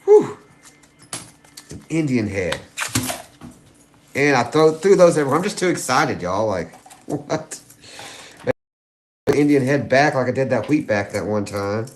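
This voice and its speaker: A man, hosting a live stream and chatting excitedly with viewers. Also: mid-range voice, a little slow, long pauses, slight background noise. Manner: excitable, giddy, chats to viewers. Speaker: livestream host hunting coins. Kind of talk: casual live-stream chat.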